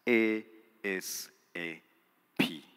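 A man preaching a sermon in a large cathedral, swinging from hushed lines to loud, emphatic peaks and repeating words for emphasis. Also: deep voice, extremely slow, smooth. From Uganda. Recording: long hall reverb.

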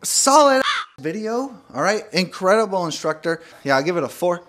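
A young man doing a workout on camera, loud and excitable, swearing and groaning through the strain. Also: sits high, normal speed, slight background noise. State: straining and out of breath during exercise. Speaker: co-host of a fitness reaction channel. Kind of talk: hyped casual workout commentary.

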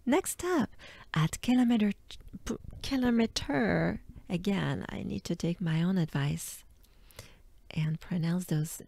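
A woman from France with a French accent, teaching pronunciation by slowly repeating sounds, with soft whispered asides. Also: on the low side, expressive, vocal fry, no echo. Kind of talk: pronunciation lesson.

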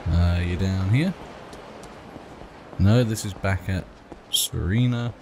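A man's voice: sits low, slow, background noise. A man casually commentating a video game playthrough with wry humor, reading game dialogue aloud. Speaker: let's play host. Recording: game music under voice.

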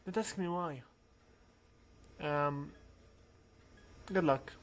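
A man reading aloud the lines of a friendly teenage classmate from a game, in his own everyday voice and a little louder. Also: on the high side, very slow, slight background noise. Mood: upbeat.

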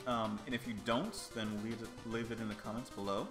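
A young man hosting a casual co-op let's play, excitable and full of playful trash talk. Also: on the low side, a little fast. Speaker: gaming channel host. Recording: echoey room with game music.

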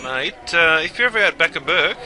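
A man's voice: fairly high pitch, expressive, fairly quick, a crowd in the background, close to an everyday voice. A man playing a matey Aussie barman. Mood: chummy. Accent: Australian. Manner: slangy, matey, folksy banter. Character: brash, chummy Aussie barman, grown man. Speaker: pub barman guide. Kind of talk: scripted character narration.

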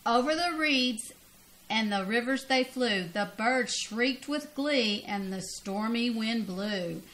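A woman's voice: fairly high pitch, takes it slowly. A grandmother reading a children's storybook aloud expressively, laughing and leaping up on the cries. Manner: expressive, laughing, big vocal jumps on cries.

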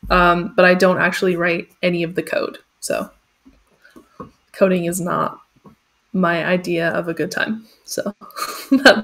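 20-something woman, giggly and rambly, lots of ums, reading chat questions. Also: fairly low pitch. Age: 20s. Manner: chatty and giggly, many ums and likes. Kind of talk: casual livestream Q&A.

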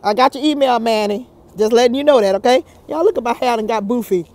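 A woman talking casually to her viewers in a gossip vlog, animated and chatty, recorded outdoors. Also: fairly high pitch, fast. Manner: animated, chatty, laughs often, addresses viewers as y'all. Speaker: YouTube commentator.

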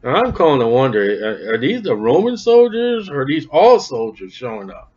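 A man's voice: medium pitch, very animated, normal speed, a little mellow, slightly rough. A man preaching a sermon in a folksy, emphatic way, quizzing his congregation and reading scripture aloud. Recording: dull lo-fi sound.

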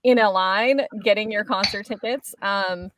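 A woman hosts a casual interview, chatting eagerly and enthusiastically with frequent laughs and plenty of fillers. Her mid-range voice is unhurried, and there is background noise in the recording.

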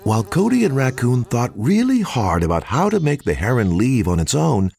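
A man narrating a children's storybook in an expressive, sing-song read-aloud manner. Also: medium pitch, moderate pace, gravelly. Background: music.

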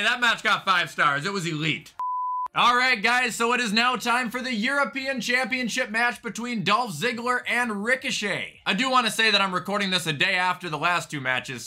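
A young man calling his own wrestling video game like a play-by-play announcer, yelling at the big moves and swearing about the game between calls. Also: high-pitched, slight background noise. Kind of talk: excitable play-by-play commentary.

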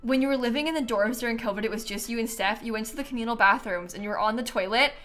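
A woman's voice: on the high side, fast talker, a bit bright, faint music behind. A young woman from Florida, a streamer chatting casually while she plays, rambling and laughing often. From Florida, USA. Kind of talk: casual chat while playing a game.

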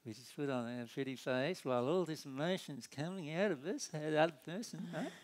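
A man giving a conversational spiritual talk, animated and acting out inner dialogue in quick put-on voices. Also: a little high. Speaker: spiritual teacher.

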